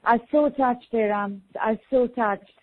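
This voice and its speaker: A woman's voice: on the high side, normal speed. A woman speaking as a guest healer on a telesummit call, grateful and touched. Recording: phone-line audio.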